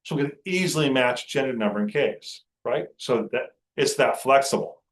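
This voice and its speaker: A man teaching a Greek grammar class, talking in a halting way with many fillers and restarts. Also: mid-range voice, roomy sound, poor audio. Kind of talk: classroom lecture.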